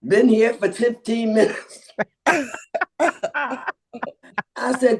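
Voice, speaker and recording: A woman's voice: fairly high pitch, fairly even intonation, extremely slow, pauses often, a little mellow. A woman returning to a book club call, joking and colloquial, feeling unwell. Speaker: returning guest. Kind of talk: casual chat. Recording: echoey room audio.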